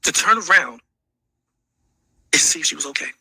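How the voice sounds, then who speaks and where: A man's voice: a little high, expressive, moderate pace, pushed and bright, slightly rough, dry recording, low-quality recording. A sick man ranting heatedly, lecturing with profanity and a lot of repetition. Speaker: streamer being reacted to. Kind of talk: heated rant.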